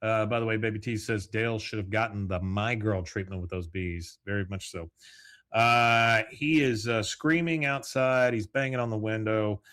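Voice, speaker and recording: A man's voice: lowish voice, normal speed, fairly bright tone, no room sound. A man hosting a podcast solo, recapping a cartoon episode in a rambling, casual way, full of fillers. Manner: rambling, with frequent fillers and chuckles. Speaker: podcast host.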